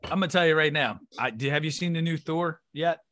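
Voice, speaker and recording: A man, an actor being interviewed, talking in an animated and emphatic way. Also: fairly high pitch, a little fast. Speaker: actor guest. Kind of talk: casual interview chat.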